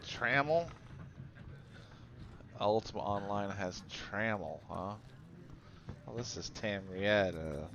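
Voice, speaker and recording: A man's voice: fairly low pitch, slow pace, creaky, pauses often, fairly bright tone, highs cut off, a little hiss or hum. A man casually commenting while streaming a video game, making offhand jokes at the characters. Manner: joking, offhand.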